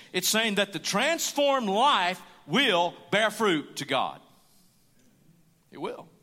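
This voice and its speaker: A man's voice: high voice, bright, forceful tone. A man preaching a sermon with emphasis, repeating his key lines for weight. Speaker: pastor. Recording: hall reverb.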